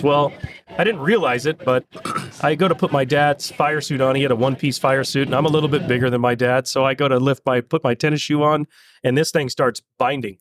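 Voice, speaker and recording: Halting, earnest man telling a racing story. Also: mid-range voice, fairly even intonation, a bit bright. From California. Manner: earnest, halting, with many restarts. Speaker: land speed racer. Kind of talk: casual interview storytelling.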